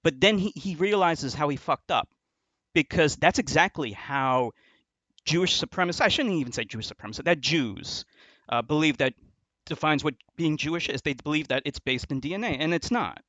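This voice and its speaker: A man speaks in a slightly high, fairly bright voice at normal speed, recorded dry. Hosting a commentary video about an online argument, he sounds contemptuous and insulting, with lots of restarted sentences.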